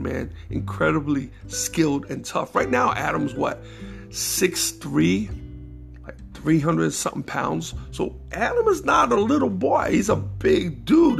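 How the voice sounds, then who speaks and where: A man's voice: a little high, gravelly. A middle-aged man, hosting a podcast and telling rambling personal stories full of fillers and laughs. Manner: rambling, warm-hearted, laughs between stories, many fillers. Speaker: podcast host. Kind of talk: casual storytelling monologue.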